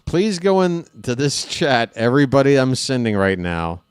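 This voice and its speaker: A man's voice: medium pitch, big pitch swings, normal speed, clean tone, dry recording, clean studio sound. A man hosting a baseball live stream, chatting casually and rambling with joking asides to his viewers. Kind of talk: casual post-game stream chat.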